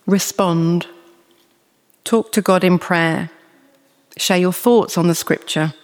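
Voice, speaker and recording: A preacher giving a sermon in a measured, earnest way, reading scripture slowly and deliberately. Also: medium pitch, fairly even intonation, big-room sound.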